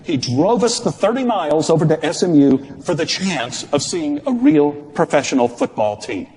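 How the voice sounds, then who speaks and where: A man in his sixties from Dallas telling a personal story live on stage, with expressive, shifting pacing and wry humor. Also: mid-range voice, big-room sound, a little hiss or hum. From Dallas, Texas. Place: stage before an audience.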